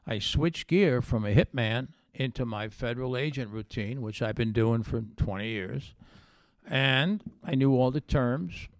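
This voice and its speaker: A man's voice: mid-range voice, measured pace, no echo. A middle-aged man, a former undercover agent, telling his story in an interview and acting out the voices of the people in it. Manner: animated storyteller, acts out quoted voices.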